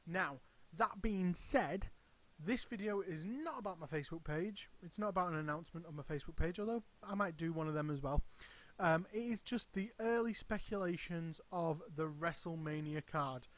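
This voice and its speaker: A man's voice: on the high side, moderate pace, few pauses. A man hosting his own channel, giving casual, rambling commentary full of hesitations and restarts. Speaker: wrestling channel host.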